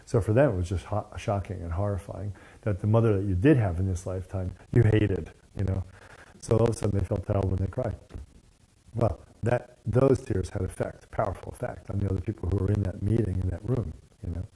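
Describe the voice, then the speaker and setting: Husky, low-voiced meditation teacher. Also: male voice, brisk, mellow. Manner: conversational, digressive, frequent "you know" and "right?". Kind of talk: casual dharma talk.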